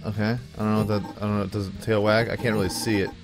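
A man's voice: fairly low pitch, little pitch movement, fast, over music. Playful man hosting a let's play. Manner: playful and goofy, chuckling often. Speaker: gameplay video host. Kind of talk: casual let's play commentary.

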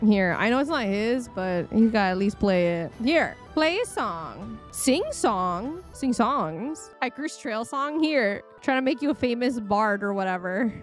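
Lively, giggly woman narrating her game. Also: on the high side. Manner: chatty, giggly, reacts out loud to the game. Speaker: gaming channel host. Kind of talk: casual let's-play commentary. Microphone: desk microphone.

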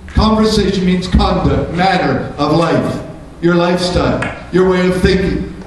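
A male pastor preaching a sermon, asking rhetorical questions and building to fervent emphasis. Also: sits high. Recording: echoey church room, mic from a distance.

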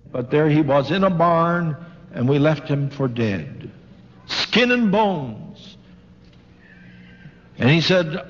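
An older man preaches to a congregation in a fairly high, lively voice that swoops up and down as he retells a story. He acts out the quoted voices with drama. The old recording sounds dull and lo-fi, with a long reverb from a large hall. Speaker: preacher giving a talk.

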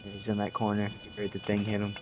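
A man's voice: lowish voice, completely flat delivery, quick pace, loud music behind the voice. A man in live voice chat during a shooter game, blunt and defensive as he argues back with a teammate. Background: loud noise and gunfire.

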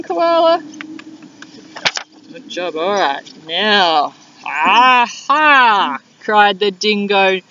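A woman teacher reading a picture book aloud to young children in an animated, drawn-out way. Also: fairly high pitch, recorded from a distance, noisy background. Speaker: primary school teacher. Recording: dull lo-fi video sound.

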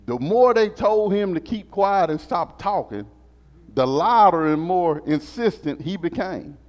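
A man teaching a Sunday school lesson as a sermon, animated and repetitive in a call-and-response style. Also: high voice, a little slow. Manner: animated, call-and-response preaching, repeats phrases. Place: church sanctuary. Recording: muffled sound in a reverberant church.

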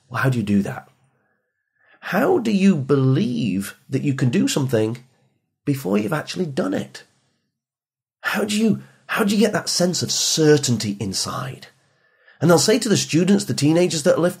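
Husky man giving an emphatic motivational talk. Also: on the high side. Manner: emphatic, repeats phrases, drops soft for emphasis. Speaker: motivational speaker for teens.

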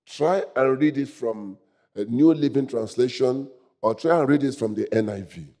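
A man preaching a sermon, swinging from quiet asides to loud shouted climaxes and calling for responses from the congregation. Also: mid-range voice. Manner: slow, drawn-out emphasis.

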